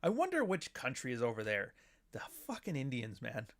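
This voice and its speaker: A middle-aged man from Canada hosts a casual livestream commentary. He rambles from point to point, swears freely and keeps a dry, sardonic edge in his talk. His pitch sits in the middle for a man. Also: huge pitch swings, a little fast. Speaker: show host.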